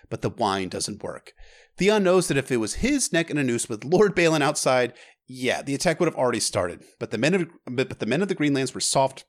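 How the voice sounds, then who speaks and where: Male narrator, casual recap read, mid-range voice, a few stumbles. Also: mid-range voice. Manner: relaxed, with stammered restarts.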